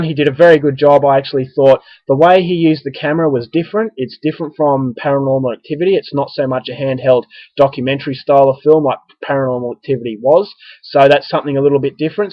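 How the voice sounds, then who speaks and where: A man's voice: medium pitch, no room sound. Australian man, casual spoken review, chatty with restarts, dry muffled recording. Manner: conversational, frequent ums and restarts. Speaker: film reviewer.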